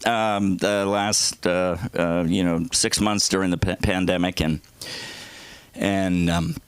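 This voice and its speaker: A man's voice: low-pitched, steady tone, takes it slowly, clean tone, no room sound. A man performing open-mic stand-up on a comedy club stage, telling rambling, self-deprecating and crude stories.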